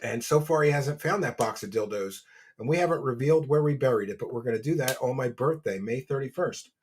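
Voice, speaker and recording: Eating while he talks, a streamer host delivers casual, mocking, crude livestream commentary. His medium-pitched voice is brisk and a little mellow, with slight background noise.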